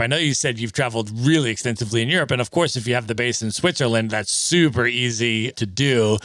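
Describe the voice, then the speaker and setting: A man's voice: on the low side, a bit bright, no echo, clean studio sound. A man hosting a travel podcast, enthusiastic and agreeable, asking long friendly questions. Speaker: podcast host. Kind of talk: casual interview.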